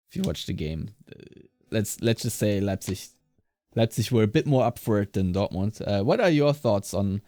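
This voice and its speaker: A man hosting a football podcast, talking in a relaxed, chatty way with fillers. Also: lowish voice. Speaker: podcast host. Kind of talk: casual football podcast chat.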